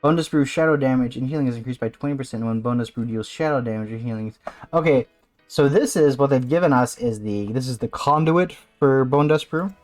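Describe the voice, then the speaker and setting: A man streaming live, reacting to a game and swinging into loud mock rants. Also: medium pitch, brisk, faint music behind.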